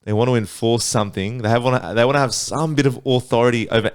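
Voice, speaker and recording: A man's voice: mid-range voice, steady tone, quick pace, clear, resonant tone. A man on a podcast panel, rambling through his opinions in casual chat.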